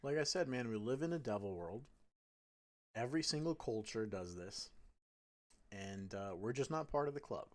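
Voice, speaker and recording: A man's voice: medium pitch, animated, moderate pace, pauses often, a little mellow. A man chatting casually on a gaming livestream, rambling, swearing and repeating himself. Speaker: gaming streamer.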